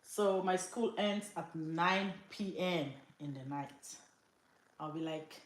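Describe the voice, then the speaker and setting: A woman's voice: fairly low pitch, takes it slowly. A middle-aged woman from Africa, hosting a lifestyle livestream, telling a story casually with lots of laughs and fillers. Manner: animated, laughs often, many fillers. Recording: roomy echo.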